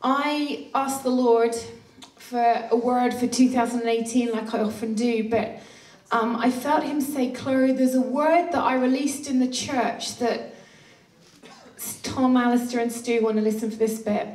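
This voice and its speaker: A woman preaching a passionate sermon, with playful laughs and hushed asides. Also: a little high, steady tone, unhurried. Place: church hall. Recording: roomy church hall, distant mic.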